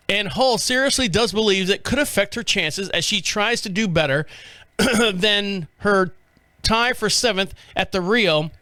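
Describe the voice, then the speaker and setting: A man with a fairly high voice hosts a podcast, rambling off the cuff and cursing casually as he reads and riffs. The sound is dry and close, with no room echo. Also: bright, forceful tone. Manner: rambling, off-the-cuff, swears freely. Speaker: podcast host. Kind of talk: casual commentary.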